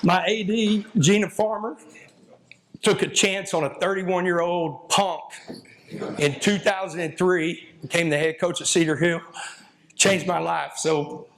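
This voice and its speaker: A man's voice: sits high, fairly even intonation, measured pace, a bit bright, a little hiss or hum. A man, a football coach giving a folksy, emotional, rambling talk to an audience. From Texas. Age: 50s. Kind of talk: speech to an audience.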